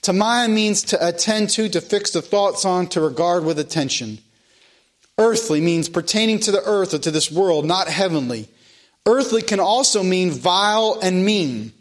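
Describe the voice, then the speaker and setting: A man with a fairly high voice preaches a sermon. He speaks earnestly and leans on repetition to press his points. His delivery is plain and direct. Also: lively intonation, normal speed. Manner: earnest preaching, repeats phrases for emphasis. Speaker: pastor.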